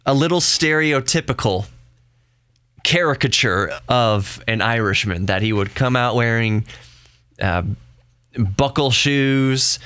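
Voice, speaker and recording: A man's voice: mid-range voice, fairly bright tone, clean tone, no echo. Rambly guy hosting his podcast from home, medium voice, dry close sound, cracks himself up. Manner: rambling, chatty, laughs easily. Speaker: podcast host. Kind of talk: casual solo podcast. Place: home room with laptop running.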